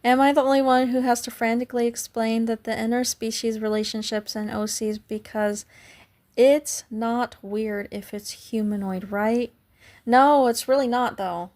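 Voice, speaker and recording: A woman's voice: a little high, steady tone, moderate pace, darkish tone. A young adult woman hosting a casual livestream, chatting and thanking viewers by name, her voice cracking now and then. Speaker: livestream host.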